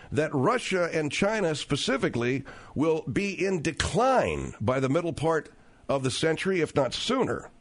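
Man hosting talk radio, sarcastic, slangy, pitch jumps around a lot. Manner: wry, sarcastic, slangy, many fillers. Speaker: radio talk show host. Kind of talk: radio talk show commentary.

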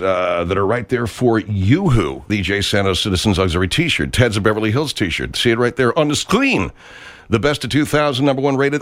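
A man hosting a comedy talk radio show, chatty and wry as he plugs the show. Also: medium pitch.

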